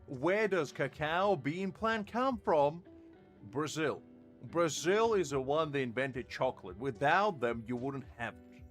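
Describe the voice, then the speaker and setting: A man streaming a game, teasing and arguing with chat in playful mock outrage. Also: on the high side. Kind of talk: casual live-stream banter.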